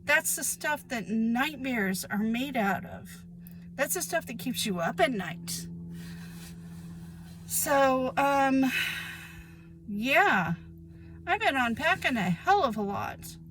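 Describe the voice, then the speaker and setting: A woman's voice: sits high, lively intonation, slow pace, pauses often, noisy background. A woman, speaking in a casual, emphatic monologue about her own life and repeating phrases for weight. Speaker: vlogger sharing personal experience.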